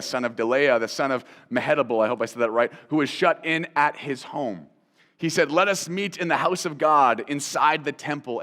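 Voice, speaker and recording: A mid-range voice carries through a large hall as this Christian teaching show host and Bible teacher speaks. He is conversational and animated, repeating phrases for emphasis and asking the listener pointed questions.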